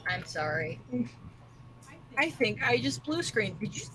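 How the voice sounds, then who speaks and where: A woman's voice: on the high side, big pitch swings, a little slow, fairly bright tone, slight background noise, rough recording. A woman playing a tabletop game, chatting casually in a blunt, joking way with some swearing. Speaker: player.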